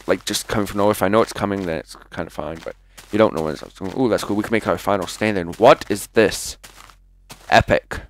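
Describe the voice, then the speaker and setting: A man with a somewhat low voice talks through a video game live in an offhand, rambling way. He chats to his viewers between moves and lets out quick, jumpy exclamations when something startles him. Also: slight background noise. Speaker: gaming commentator. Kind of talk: live let's-play commentary.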